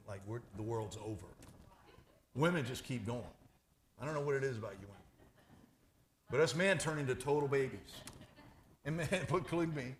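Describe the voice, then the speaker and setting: A man preaching a sermon as pastor, animated and conversational, jumping from loud bursts to hushed asides. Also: mid-range voice, slight background noise.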